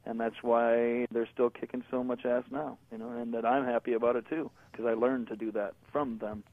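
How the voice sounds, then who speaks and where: A man's voice: mid-range voice, moderate pace, dry recording. Laid-back man on a phone line. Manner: laid-back, slangy, animated when joking. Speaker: guest musician. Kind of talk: casual interview talk.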